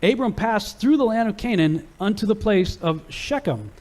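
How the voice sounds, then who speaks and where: A man teaching a Bible lesson to a live audience, casual and animated, acting out the people in his stories. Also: high-pitched, moderate pace. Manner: casual and animated, acts out quoted characters.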